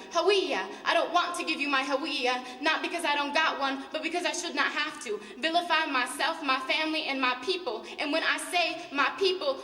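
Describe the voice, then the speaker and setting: A young woman from Palestine delivers a spoken word poem with a high, bright voice. Her delivery is passionate and rhythmic, swelling into shouts. She is picked up from a distance in a big echoing hall. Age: young adult. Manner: impassioned, rhythmic, rising to shouts. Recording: echoey hall, mic far off.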